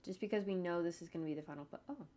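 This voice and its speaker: A woman's voice: on the low side, very fast, warm tone, slight background noise. A woman animator talking casually to her livestream viewers at home as she works, thinking aloud in a chatty, rambling way. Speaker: animator streaming her work. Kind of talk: casual livestream talk while working.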